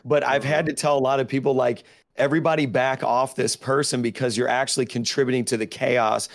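Measured mid-pitched male minister. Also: flat delivery, dry recording. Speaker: deliverance minister, panel guest. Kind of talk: panel discussion.

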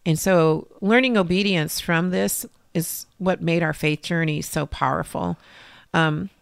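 A middle-aged woman shares a heartfelt story in an interview, her voice carrying a gravelly edge. She acts out old conversations with feeling, in a dry, close recording. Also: on the low side, steady tone, measured pace, no room sound. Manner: emotional storytelling, acting out dialogue. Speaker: interview guest. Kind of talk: personal faith story in conversation.

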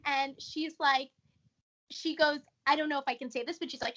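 A young woman from New York with a New York accent, telling a story as a podcast guest in a chatty, animated way, leaning on "like" constantly. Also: high-pitched, normal speed, very noisy. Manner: chatty, animated, says "like" a lot. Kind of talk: casual interview storytelling. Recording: dull lo-fi audio.

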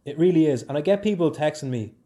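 Young Dublin Irish guy, solo podcast host, warm mellow tone, rambling and jokey. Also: quick pace. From Ireland. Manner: rambling, jokey, lively swings in pitch and loudness. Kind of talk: casual solo podcast chat.

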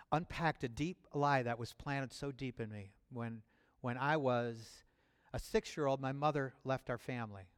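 A man preaching as a pastor, speaking in a personal, conversational way with restarts and chuckles, and building to loud fervor. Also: medium pitch. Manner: builds to loud, rising fervor near the end. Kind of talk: sermon. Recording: long hall reverb.

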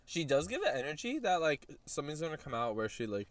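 Man, casual car chat, very lively pitch, laughs a lot, swears casually. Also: fast talker, no room sound. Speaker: podcast co-host. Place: parked car.

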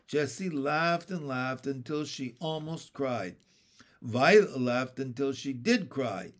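A man narrating a children's chapter book in a steady, plain read-aloud manner. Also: mid-range voice, slow. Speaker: audiobook reader.

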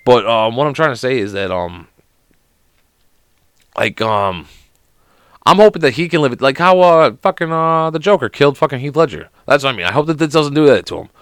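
A man's voice: mid-range voice, animated, fairly quick, fairly bright tone, clear, resonant tone, no echo, clean studio sound. A young man who is sick hosts a podcast alone in casual chat. He swears constantly and rambles through anecdotes. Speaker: podcast host.

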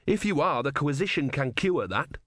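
A man voicing a young male novice monk who speaks with an earnest, steady firmness. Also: on the high side, moderate pace, dry recording, studio quality, pitched above the performer's own voice. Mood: firm.

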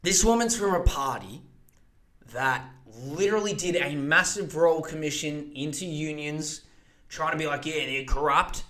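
A young man hosts a podcast with a fairly high voice and a heated, profane delivery. He gets more passionate as he talks and rushes ahead when worked up. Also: fairly bright tone. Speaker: podcast host. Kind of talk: casual political rant.

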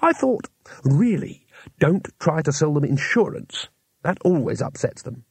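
Man voicing a weary wizard, exasperated, husky low grumble, dry close sound, audiobook character. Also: big pitch swings, measured pace, a little mellow, no echo, full character voice. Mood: urgent. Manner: tired, grumbling, impatient.

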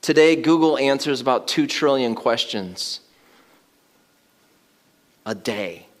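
A man preaching a sermon in a casual, conversational way. He grows louder and more excited at times and laughs while he talks. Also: medium pitch, slow. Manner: conversational, builds to loud excited emphasis with laughter. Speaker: pastor.

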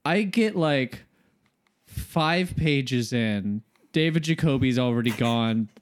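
A man co-hosting a movie podcast, talking in an animated, rambling way with lots of fillers. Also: medium pitch, slow, clear, resonant tone. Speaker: podcast co-host. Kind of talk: casual movie review chat.

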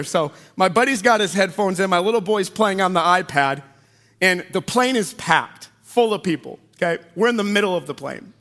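A male pastor delivers a sermon through personal stories. His voice sits high and sounds bright and forward. He talks conversationally and keeps checking in with the audience. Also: brisk. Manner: animated, conversational, asks the audience questions.

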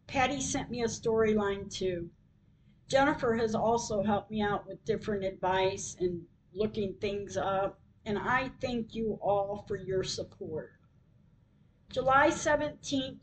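An older woman hosting a podcast, reading a personal story aloud in a slow, measured way. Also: a little high, a little hiss or hum, rough recording. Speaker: podcast host.

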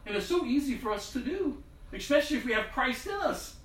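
A man's voice: very high voice, big pitch swings, a little fast, fairly bright tone, echoey room, distant mic, slight background noise, rough recording. A man preaching a sermon in a conversational, storytelling way. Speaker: pastor.

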